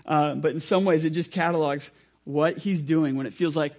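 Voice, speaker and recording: A young man preaching a sermon in a conversational, energetic way, full of asides to the listeners. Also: a little high, moderate pace.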